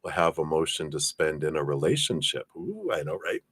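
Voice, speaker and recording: Deep-voiced man giving live tarot readings. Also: sing-song, a little fast, fairly bright tone, husky, dry recording. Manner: chatty, reads viewer names and passes on spirit messages. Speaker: tarot reader. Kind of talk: live-stream card reading.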